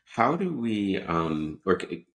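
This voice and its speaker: A podcast host with an extremely deep voice, chatting casually and telling a story his own way. He rambles, restarts his sentences and laughs as he goes. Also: sing-song, takes it slowly, a bit bright. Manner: rambling, self-interrupting, laughs mid-sentence.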